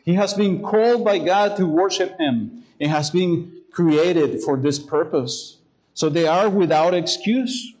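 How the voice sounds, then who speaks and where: A male pastor preaching a sermon, hesitant with fillers when telling a story and slowing down to read scripture aloud. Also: fairly high pitch, a little mellow, poor audio.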